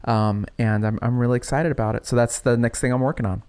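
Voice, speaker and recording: A man, a playwright guest, telling stories in a lively chat and acting out his characters' lines. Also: medium pitch, fast talker, smooth. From United States. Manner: acts out his characters' lines in quoted voices, laughs often. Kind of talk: animated storytelling chat.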